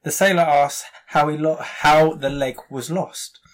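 A man telling jokes in casual chat, deadpan and a little mumbly. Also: fairly high pitch, measured pace.

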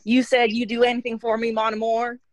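A woman's voice: fairly high pitch, completely flat delivery, a little fast, close to an everyday voice. A woman voicing a brash female Texan spy with a Southern accent, in a theatrical drawl. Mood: playful.

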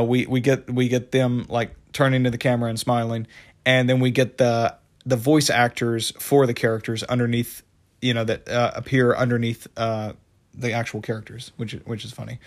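A man talking casually and at length about a favorite cartoon, rambling with many fillers and restarts. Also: medium pitch. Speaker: show reviewer. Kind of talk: casual monologue review.

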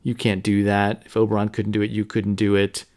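A man's voice: lowish voice, monotone, fairly quick, a little mellow, natural voice. A man paraphrasing a snide, know-it-all male talking bird in a dismissive tone, close to his own voice. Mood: scoffing. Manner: dismissive, scoffing.

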